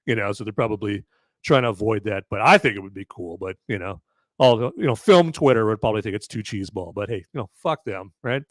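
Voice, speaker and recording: A man rambles through a live movie-review podcast, joking and cursing as he goes. His pitch leaps around, and the close recording is dry with no room sound. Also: quick pace, no room sound. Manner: rambling, animated, jokey, swears. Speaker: podcast host reviewing a film. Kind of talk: casual live-stream chat.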